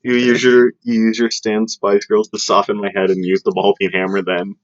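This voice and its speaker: A man's voice: on the low side, level tone, no echo. A young man from the States, co-hosting a podcast in casual, rambling, jokey chat. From Southern United States. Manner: rambling, jokey, quick to laugh. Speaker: podcast co-host. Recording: dry, dull lo-fi audio.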